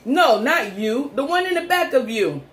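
A woman hosting a casual eating chat, teasing and lively with frequent laughs. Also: high-pitched, moderate pace, a crowd in the background. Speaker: mukbang host. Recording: echoey room with faint noise.

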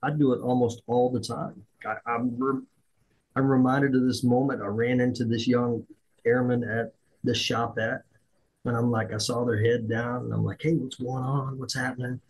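A middle-aged man hosting a podcast, telling a story in a lively way, acting out the dialogue and poking fun at himself. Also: medium pitch, normal speed, slightly rough, low-quality recording. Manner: animated, acts out dialogue, self-deprecating. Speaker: podcast host. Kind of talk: conversational storytelling.

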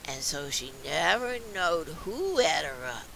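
A woman's voice: sits low, sing-song, a little slow, vocal fry, a bit bright, slight background noise. A woman reading a dialect poem aloud with a folksy, childlike storytelling manner. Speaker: reader.

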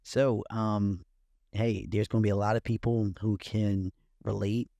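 A man's voice: lowish voice, little pitch movement, measured pace, gravelly, mellow, dry recording, studio quality. A man hosting a podcast, upbeat and repeating his praise as he wraps up the show. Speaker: podcast host. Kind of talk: casual interview.

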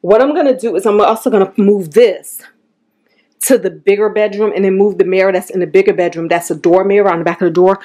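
A woman in her thirties chats to camera as she moves through her home, relaxed and talkative. Her voice sits at a middling pitch, and the sound is picked up on a handheld camera indoors. She speaks to her viewers with easy, informal slang. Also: quick pace. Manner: chatty, talks straight to viewers with "y'all". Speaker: vlogger. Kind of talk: casual home vlog talking to camera. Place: inside a home, walking between rooms.

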